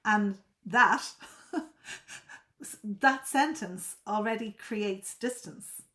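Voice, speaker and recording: A woman's voice: medium pitch, very slow, bright, forceful tone. A woman coaching a group on a live video call, explaining at length. She often repeats and restarts words and checks whether listeners follow.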